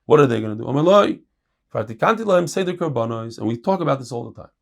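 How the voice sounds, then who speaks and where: A middle-aged man, a rabbi teaching a Talmud lesson, reading Hebrew and Aramaic passages and explaining them in English with lively emphasis. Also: fast, vocal fry. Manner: animated, jumps in pitch and volume for emphasis.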